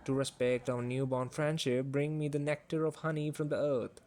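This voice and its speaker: A vain, merciless young devil princess, read aloud by a man in an audiobook tale. She talks down to her maid with mocking pride, her voice sitting a little higher than his usual tone. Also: level tone, moderate pace, a little mellow, natural voice. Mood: haughty. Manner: proud, mocking. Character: haughty cruel devil princess, young woman.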